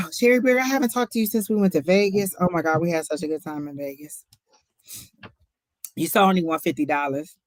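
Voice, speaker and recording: A woman's voice: lowish voice, a little fast, dry recording. A woman co-hosting a live tarot stream, chatting casually and talking straight to viewers. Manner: chatty, storytelling, talks to viewers directly. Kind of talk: casual chat.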